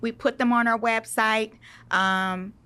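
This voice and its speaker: A middle-aged woman, a business owner, talking in a bubbly, animated and playful way as an interview guest. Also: fairly high pitch, slow pace, clean tone. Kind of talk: casual interview chat.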